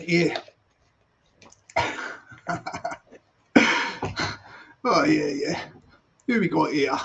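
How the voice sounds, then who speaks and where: A man's voice: a little high, animated, takes it slowly, vocal fry, pauses often, slight background noise. A Scottish man hosting a casual live stream, upbeat and chatty, repeating his greetings. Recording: dull lo-fi sound.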